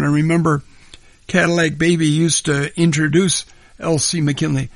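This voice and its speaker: A man hosting a record show on the radio, talking through the musicians in a relaxed, conversational way with small hesitations. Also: on the high side, normal speed, gravelly, no room sound. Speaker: radio host. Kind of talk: unscripted record-show patter.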